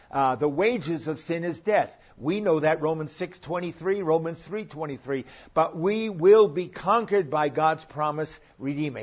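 Man, Bible teacher, sermon-style lesson, earnest, numbered points, fillers, muffled lo-fi recording. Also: a little high. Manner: earnest, methodical, works through numbered points with frequent filler pauses. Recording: dull lo-fi recording.

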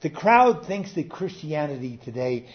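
Older male preacher, fairly high-pitched, emphatic delivery that swings soft to loud; muffled lo-fi sound. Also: very animated, moderate pace. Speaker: pastor. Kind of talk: sermon. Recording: dull lo-fi sound.

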